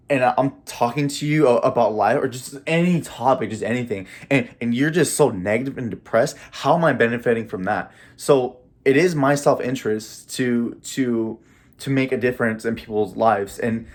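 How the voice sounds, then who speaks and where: A man's voice: medium pitch, moderate pace. A young man talking straight to camera about his dreams in a casual, rambling way, repeating words and laughing, choked up with emotion. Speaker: vlogger. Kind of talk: casual motivational monologue.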